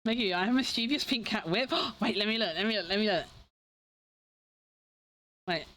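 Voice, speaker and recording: A young woman streamer telling stories in casual chat, animated and giggly. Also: medium pitch, normal speed, rough recording.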